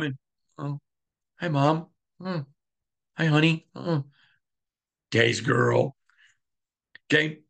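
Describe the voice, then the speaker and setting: A man's voice: fairly high pitch, gravelly, pushed and bright. A middle-aged man hosting a sports podcast, talking in an emphatic monologue and repeating lines for effect. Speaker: podcast host.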